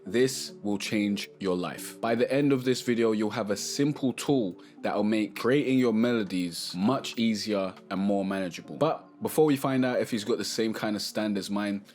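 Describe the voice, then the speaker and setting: A man hosting a casual music tutorial, talking to camera in a relaxed, chatty way and sometimes singing short melody snippets. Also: on the low side, normal speed, hardly any pauses.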